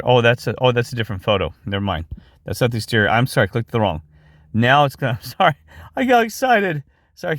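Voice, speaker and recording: A man hosting a video, talking through his screen as he clicks around, rambling and breaking into excited exclamations. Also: on the low side, no echo, clean studio sound. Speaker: video host. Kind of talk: excited screen-share commentary.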